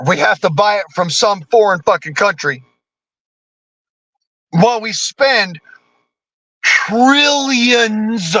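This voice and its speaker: A man's voice: high voice, slow pace, long pauses, sharp tone, no room sound, poor audio. An American man delivering a profane, blunt political rant as a vlogger, cursing constantly and talking combatively.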